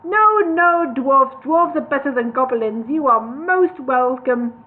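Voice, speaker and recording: A woman putting on a booming old wizard, forced and hearty, pitched high and loud. The sound is thin and phone-like, with a faint hiss behind it. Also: fairly even intonation, measured pace, lightly acted. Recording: tinny lo-fi livestream audio, faint noise.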